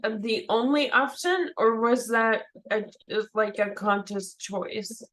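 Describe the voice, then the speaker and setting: Woman moderator reading out questions on a video call, kinda high voice, takes her time. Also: slow pace, fairly bright tone, rough recording.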